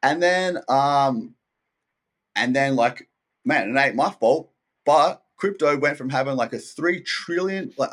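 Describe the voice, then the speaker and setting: A man's voice: mid-range voice, breathy edge. A man, the guest on a podcast interview, talking casually and with slang, telling his story with energy and acting out what other people said. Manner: casual and slangy, many "like" and "dude" fillers.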